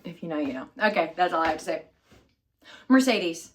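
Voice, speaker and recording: A woman's voice: lowish voice, animated, brisk, slight background noise. A woman vlogger chatting casually to camera, scattered and self-deprecating, losing her thread often. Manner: scattered and self-deprecating, many fillers and restarts. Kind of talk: rambling casual chat to camera.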